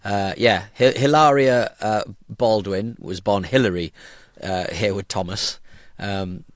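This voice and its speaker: A man's voice: on the low side, a little slow, no echo, clean studio sound. A man with a Hartlepool accent, co-hosting a casual chat, wry and chatty, laughing often and trailing off with ums. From Hartlepool, northern England. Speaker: podcast co-host.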